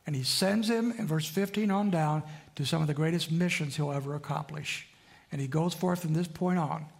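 A man's voice: a little high, creaky. A man preaching a sermon in a conversational way, often asking the congregation for responses. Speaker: pastor.

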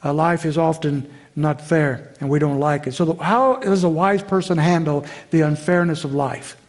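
A man's voice: fairly high pitch, normal speed. A man preaching a sermon as pastor, earnest and direct, often restarting his phrases and calling the listeners folks. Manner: addresses congregation as folks.

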